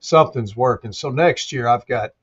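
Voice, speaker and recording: A man's voice: medium pitch, moderate pace, fairly bright tone, slightly rough, dull audio. A man guest telling his own story in a blunt, plainspoken way. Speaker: guest, veteran advocate.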